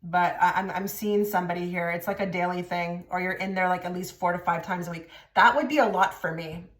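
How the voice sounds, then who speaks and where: A woman's voice: lowish voice, steady tone, fairly quick, a bit bright. A woman giving a casual tarot reading to camera, direct and blunt, with many filler likes. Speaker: tarot reader. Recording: echoey room.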